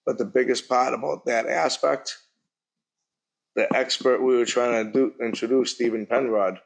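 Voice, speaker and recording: A middle-aged man telling his own story at a public forum, speaking plainly and haltingly. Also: medium pitch, steady tone, creaky. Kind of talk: personal testimony at a public forum. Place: university event hall.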